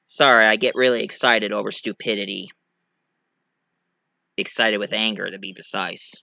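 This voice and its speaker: A young man giving a rambling, excitable casual movie review. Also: on the low side, normal speed, gravelly, dry recording.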